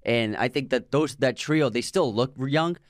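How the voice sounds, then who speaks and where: An easygoing man chatting about films in an agreeable tone, at a middle pitch. The recording is dry and close, with no room sound. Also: measured pace, no room sound. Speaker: co-host of a movie channel. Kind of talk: casual movie discussion and sponsor read.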